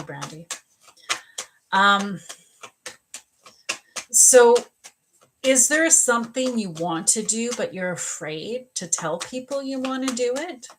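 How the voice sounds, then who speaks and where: A woman's voice: mid-range voice, fairly bright tone, a little hiss or hum. A woman working as a psychic medium, chatting casually on a livestream, telling a personal story and acting out the dialogue. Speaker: psychic medium and spiritual coach.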